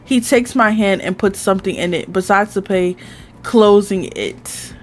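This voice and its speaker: A woman voicing a gruff, flirty tall man who talks bluntly with a drawl and tries out an accent. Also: medium pitch, measured pace, natural voice.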